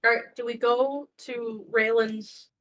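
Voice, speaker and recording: A woman's voice: on the high side, steady tone, takes it slowly, a bit bright, rough recording. A woman playing in a tabletop game, chiming in with short joking lines. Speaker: player.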